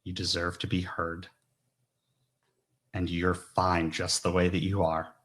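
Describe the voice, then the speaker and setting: Brief: deep-voiced male speaker, candid and heartfelt personal story, addresses the crowd directly. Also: a bit bright. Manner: earnest, confessional, often asks "right?". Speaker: conference speaker. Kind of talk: personal story talk to an audience.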